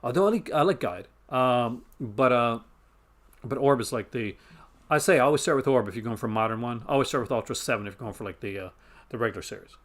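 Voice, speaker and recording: A man from Newfoundland talks with a Canadian accent in casual live-stream chatter. His pitch sits at an ordinary middle level. He rambles, trips over his own sentences and chuckles along the way. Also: expressive, quick pace, a bit bright. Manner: rambling, self-interrupting, chuckles often.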